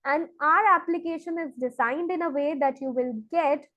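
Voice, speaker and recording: A woman's voice: sits high, moderate pace, dry recording, muffled recording. A woman, teaching an online exam-prep lesson step by step and checking in with rhetorical questions. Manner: explains step by step, asks rhetorical questions like "right?". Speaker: IELTS teacher.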